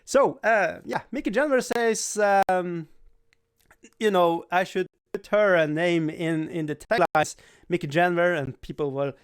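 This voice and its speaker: High-voiced man chatting on a live stream. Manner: rambling, laughing, swears playfully. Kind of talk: casual live-stream chat.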